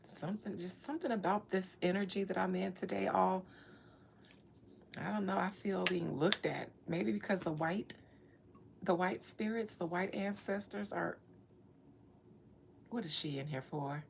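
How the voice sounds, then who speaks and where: A woman's voice: fairly low pitch, measured pace, vocal fry, pauses often, noisy background. A woman doing a spiritual reading, chatting casually with viewers, playful and slangy with laughing asides. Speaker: spiritual reader talking to viewers. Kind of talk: casual livestream chat.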